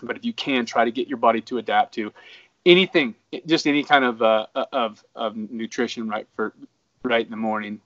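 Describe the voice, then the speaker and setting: Male podcast co-host from Idaho, mid pitch, chatty and joking, dry distant lo-fi sound. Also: moderate pace, a bit bright, dry recording. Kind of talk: casual chat.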